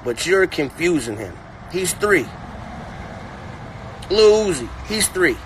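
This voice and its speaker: A man's voice: on the high side, unhurried, noisy background. A man giving a profane, mocking comedic rant, talking from inside a car. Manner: mocking, animated, repetitive. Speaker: comedic commentator.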